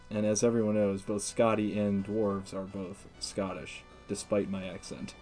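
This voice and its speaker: A man's voice: fairly low pitch, little pitch movement, a little slow, hardly any pauses, a little mellow. A man streaming a video game, chatting casually and rambling with frequent laughs and fillers. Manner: chatty, rambling, laughs often, uses lots of "like". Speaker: let's play streamer. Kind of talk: casual gameplay commentary. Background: faint game music.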